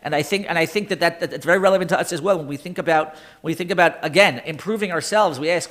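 A man teaching a Torah class in lecture style, animated, often repeating and restarting words and acting out sighs and groans. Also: a little high, racing, hardly any pauses. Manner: acts out sighs and groans for effect.

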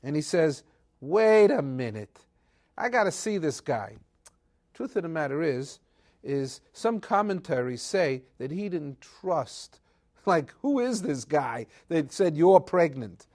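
A man telling a weekly Torah portion as a lively story, acting out the characters' quotes and mixing Hebrew terms into casual English. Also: on the high side, takes it slowly. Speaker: Torah teacher.

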